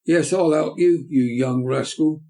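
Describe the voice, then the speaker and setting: A rough, bullying man barks threats, his voice loud, dark and gravelly, as a male audiobook narrator plays him. It comes from a storybook reading. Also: fairly high pitch, a little slow.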